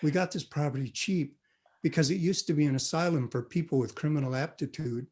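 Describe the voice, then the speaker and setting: A man doing a hushed, deadpan dad telling a ghost story. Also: natural voice. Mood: spooky hush. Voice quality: low, hushed and drawn-out. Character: deadpan dad spinning a spooky campfire tale.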